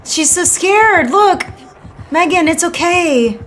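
A young woman streaming a game, excitable and swearing, with bursts of laughter. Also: very high voice, takes it slowly, soft background music. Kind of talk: live game stream commentary.

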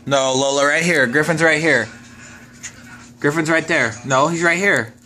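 A young man talks casually to the camera in a home video, goofy and loose. His voice is bright and forward, and he keeps breaking into squeaky, excited baby talk aimed at his dog. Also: a little slow, a little hiss or hum. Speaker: vlogger.

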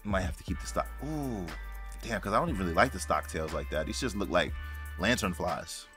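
A man giving casual, slangy commentary while playing a racing game, excitable and profane, chatting to his viewers. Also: low-pitched, brisk, music in the background. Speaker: gaming YouTuber.

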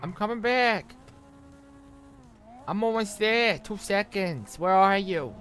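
A man's voice: sits high, expressive, takes it slowly, fairly bright tone. A man roleplaying in a video game, hot-tempered and profane, blustering about his crew. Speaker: roleplay player.

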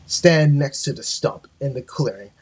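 A man doing a low snarling wolf. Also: animated, measured pace, darkish tone, slight background noise, lightly acted. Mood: menacing. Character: fierce snarling male wolf.

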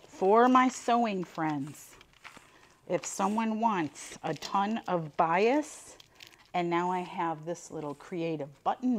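An older woman from Buffalo, New York, resells goods and hosts a casual unboxing chat for her viewers, chattily exclaiming over each item she pulls from mystery boxes. Her voice is lowish, and there's a slight hiss or hum.

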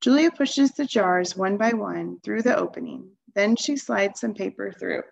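A woman reading a children's novel aloud in a calm, even storytelling voice. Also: mid-range voice, measured pace, vocal fry, dull audio. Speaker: reader.

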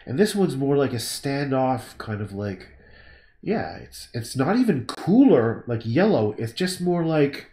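A man's voice: medium pitch, big pitch swings, unhurried, mellow, reverberant. A man thinking aloud in a rambling, casual way as he paints during a livestream, often breaking off and muttering to himself. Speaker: painter livestreaming his work.

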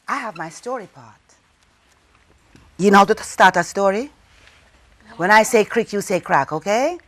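A woman telling a folk tale to children, dramatic, with call-and-response and hushed whispers. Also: medium pitch, lively intonation, normal speed. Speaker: storyteller. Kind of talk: storytelling for children.

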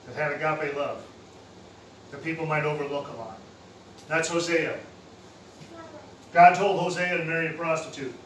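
A high-voiced man preaches in a plain, casual way, dropping in everyday slang. He is heard from some distance in a roomy hall that echoes. Faint noise sits under his voice. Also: a bit bright. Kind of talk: sermon.

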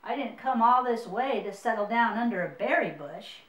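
A woman's voice: fairly high pitch, lively intonation, normal speed, recorded from a distance, lightly acted. A woman voicing an eager young mouse. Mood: earnest. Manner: earnest and polite. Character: eager young male mouse, hopeful dreamer. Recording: roomy, mic set away.

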